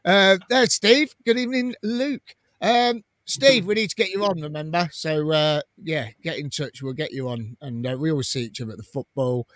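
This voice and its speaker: A man's voice: fairly high pitch, normal speed, fairly bright tone, no echo. A man hosting a casual live fan stream, reading viewer comments aloud in a chatty way and laughing often. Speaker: fan channel host.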